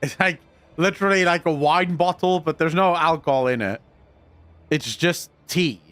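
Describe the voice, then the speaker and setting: A man's voice: fairly high pitch, normal speed, no echo, soft background music. Casual swearing man chatting over gameplay. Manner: relaxed, swearing, chatty asides. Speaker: gaming streamer.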